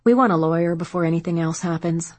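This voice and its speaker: A sharp-tongued, protective sister cuts in quickly and snappishly, as a woman reader voices her. The voice is low and husky, recorded dry and close for an audiobook. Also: dry recording, natural voice. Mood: insistent.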